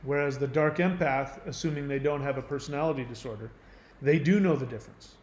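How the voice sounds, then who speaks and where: A man's voice: medium pitch, fairly quick, darkish tone. A man hosting his channel, explaining in an earnest, emphatic monologue. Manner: earnest, emphatic, acts out quoted voices. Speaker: channel host. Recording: roomy echo.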